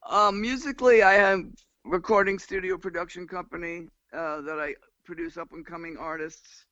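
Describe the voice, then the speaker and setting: A man's voice: high-pitched, normal speed, dry recording. An older man from New York with a Long Island accent, telling stories as a musician guest in a casual interview and humming tunes as he goes. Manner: animated, sings and hums tunes mid-story. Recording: dull lo-fi dry sound.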